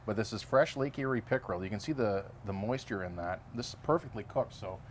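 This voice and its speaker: A man's voice: fairly low pitch, fairly quick, a little hiss or hum. Enthusiastic man hosting a food show. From Timmins, Ontario, Canada. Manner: enthusiastic, joking, praising the food. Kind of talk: casual on-location food review chat. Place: outdoors at a food truck.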